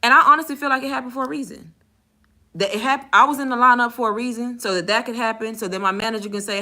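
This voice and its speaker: A woman's voice: fairly high pitch, fast, bright, forceful tone. A woman casually telling a story about her call center job, frank and exasperated, acting out the conversations. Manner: candid and exasperated, acts out dialogue; frank with swearing and casual slang.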